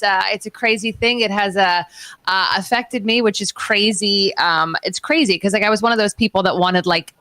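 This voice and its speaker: A woman's voice: medium pitch, pushed and bright, no room sound. A woman in her thirties doing a crude, self-mocking stand-up set for a live stream, often laughing at her own jokes. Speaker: stand-up comedian. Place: New York City.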